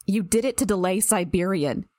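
A woman's voice: medium pitch, expressive, normal speed, warm tone, dry recording, close to an everyday voice. A woman voicing an injured young woman who trembles with self-pity and lashes out in anger, in an audiobook reading. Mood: anguished. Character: anguished, bitter young woman, injured and cornered.

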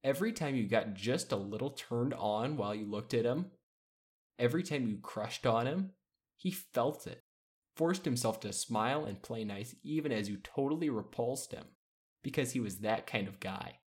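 A man's voice: mid-range voice, normal speed, lightly acted. A man voicing a condescending older teenage girl who sounds casually cruel, with a mocking, drawling delivery.

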